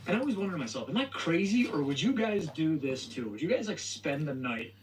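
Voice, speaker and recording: The young man hosting this storytelling vlog has a slightly high voice with big pitch swings and talks a little fast. His retelling is hesitant, full of stutters and restarts. Played from across the room, the low-quality recording is far from the mic with slight background noise.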